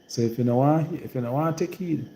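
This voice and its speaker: A man's voice: medium pitch, brisk, warm tone, reverberant, low-quality recording. A man from Jamaica speaking in a rural Trelawny patois accent, rambling and repeating himself in a casual live-stream monologue. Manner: rambling and repetitive, in heavy patois.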